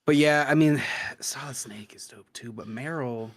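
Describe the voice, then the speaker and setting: A man's voice: medium pitch, normal speed. A man co-hosting a podcast in loose, rambling casual chat, full of fillers and restarts.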